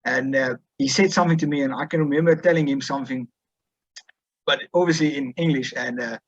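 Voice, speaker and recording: Young man, south african accent, halting with fillers, dry muffled sound. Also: mid-range voice, no echo. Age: 20s. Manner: hesitant, many fillers and restarts. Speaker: guest, student rugby player. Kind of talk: casual interview.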